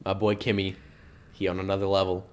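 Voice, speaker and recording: A man co-hosting a casual podcast chat, goofing around with deadpan trolling jokes. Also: deep voice, fast. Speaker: podcast co-host.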